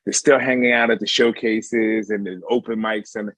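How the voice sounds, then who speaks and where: A man's voice: on the low side, steady tone, moderate pace, fairly bright tone, dry recording. A male comedian guest telling stories in a loose, casual way, often checking in with his listener. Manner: loose, keeps asking "you know what I mean". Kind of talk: casual storytelling.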